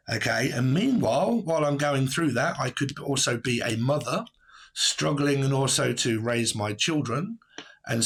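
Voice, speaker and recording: A man's voice: mid-range voice, a bit bright, husky. A man giving a casual tarot reading to camera, blunt and rambling, who swears and laughs often. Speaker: tarot reader.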